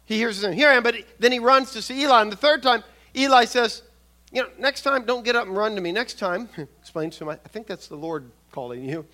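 An older man preaching a sermon on scripture, measured and earnest, often restarting his words and adding soft asides. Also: very high voice.

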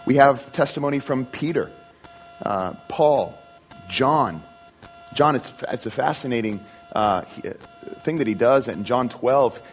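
A man's voice: mid-range voice, animated, unhurried, rough recording. Earnest male preacher, faint music behind. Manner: earnest, emphatic, with restarts and repeated words. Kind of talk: sermon.

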